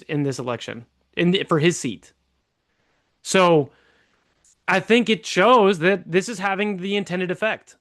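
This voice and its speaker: High-voiced male congressional candidate. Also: a bit bright. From California. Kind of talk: podcast interview.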